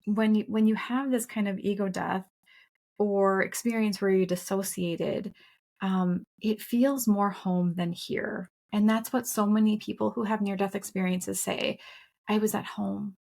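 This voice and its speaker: A woman's voice: medium pitch, steady tone, unhurried, vocal fry, darkish tone. A middle-aged woman co-hosting a casual podcast conversation, speaking in an earnest, reflective and candid way, with some profanity. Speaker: podcast co-host.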